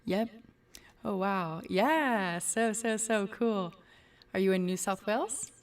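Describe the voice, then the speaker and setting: A woman's voice: mid-range voice, slow, recorded from a distance. A woman hosting a casual livestream, greeting viewers by name and chatting loosely. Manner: chatty, reads out viewer names. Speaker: livestream host.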